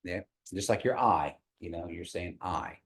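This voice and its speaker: Male teacher with a lower voice, runs a patient repeat-after-me drill in a classroom. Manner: patient, models sounds slowly and has the class repeat. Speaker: language teacher. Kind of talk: classroom pronunciation lesson. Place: classroom with a group of learners.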